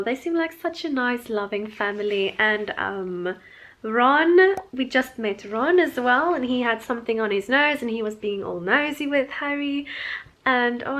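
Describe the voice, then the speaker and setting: A woman chatting casually in a reading vlog, with giggly, animated asides. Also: a little high, rough recording. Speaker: book vlogger.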